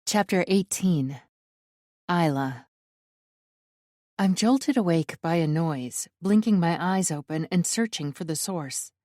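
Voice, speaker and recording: A woman narrating a first-person dark romance audiobook with a fearful, tense inner voice. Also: fairly low pitch, lively intonation, takes it slowly, long pauses, no room sound, clean studio sound.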